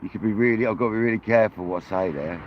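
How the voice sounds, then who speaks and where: A man's voice: on the low side, racing, highs cut off, slight background noise. An English man hosting a fishing livestream from outdoors, chatting casually with viewers and calling them mate and buddy. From England. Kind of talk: casual live-stream chat to viewers. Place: outdoors on a kayak at the coast.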